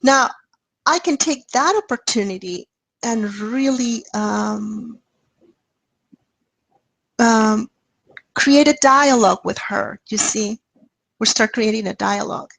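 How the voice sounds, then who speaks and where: Woman presenter on a video call, higher register, animated storyteller who acts out exchanges, dry webcam sound. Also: slow, vocal fry, pauses often, dry recording, low-quality recording. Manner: lively, acts out dialogue with rising pitch and laughs. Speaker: webinar presenter. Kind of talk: casual storytelling talk.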